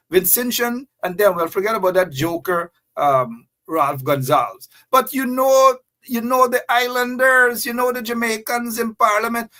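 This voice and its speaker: A man's voice: high-pitched, fairly bright tone. A man with a Guyanese accent hosting a live talk show, chatting to viewers in a sarcastic, joking way.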